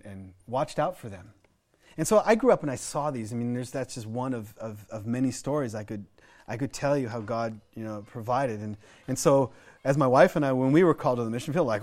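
A middle-aged man from the United States delivers a sermon in a storytelling way. His pitch sits in the ordinary middle range for a man. He talks earnestly and keeps restarting his phrases and repeating words. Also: darkish tone. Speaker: pastor.

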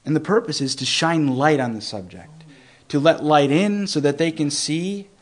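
A young man giving an informal Bible teaching, earnest and conversational, often restarting phrases and slowing down to stress scripture. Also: on the high side, animated. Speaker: preacher.

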